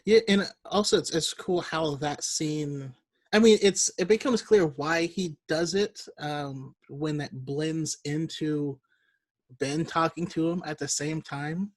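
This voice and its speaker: A man co-hosting a podcast in casual chat, relaxed and reflective. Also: a little high, takes it slowly, dry recording. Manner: relaxed, reflective, laughs easily. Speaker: podcast co-host.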